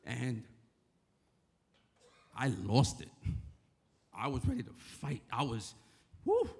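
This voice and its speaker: A Bronx man speaks slowly in a mid-range voice whose pitch swoops wildly, with vocal fry and a darkish, slightly rough tone. Giving an informal sermon as a church member in his New York accent, he chats with the crowd and repeatedly asks "right?" The church hall echoes.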